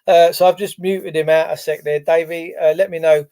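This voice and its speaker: Male stream host: a touch high, mellow and soft-edged, loose and chatty. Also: fairly even intonation, moderate pace. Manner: rambling, chatty, lots of fillers. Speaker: livestream host. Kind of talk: casual live-stream chat.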